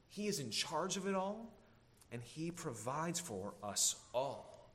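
A man preaching an earnest sermon as a pastor, slowing down to stress key words. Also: a little high, expressive, fairly bright tone. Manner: earnest preaching, slows down for emphasis.

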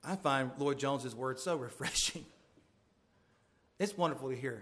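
A man's voice: mid-range voice, moderate pace, fairly bright tone. A male pastor preaching a sermon with earnest emphasis, his voice rising on pointed questions.

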